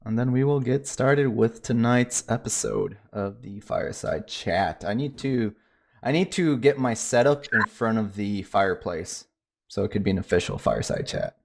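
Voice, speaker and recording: A man's voice: lowish voice, normal speed, vocal fry. A man hosting a casual livestream chat with friends, joking around and often trailing off into mumbles. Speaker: stream host.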